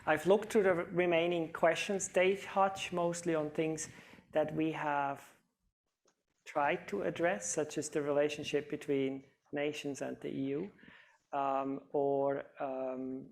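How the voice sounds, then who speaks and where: Man, panel moderator, slightly high voice, hesitant, lots of fillers. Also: little pitch movement, slow, gravelly.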